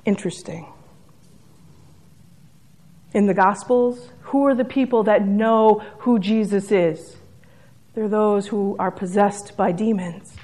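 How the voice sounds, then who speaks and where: A woman preaching a sermon, retelling a story in a measured, reflective way. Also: mid-range voice, darkish tone.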